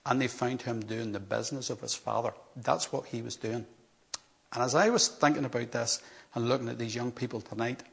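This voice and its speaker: A man's voice: medium pitch, gravelly, a bit bright. A middle-aged man preaching a sermon, telling the story with earnest, emphatic repetition.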